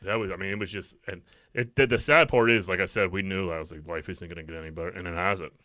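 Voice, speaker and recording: A man's voice: sits low, quick pace, no room sound. A man co-hosting a podcast in casual crude chat, swearing often and laughing through his stories. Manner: swears a lot, animated, laughs while telling stories. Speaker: podcast co-host.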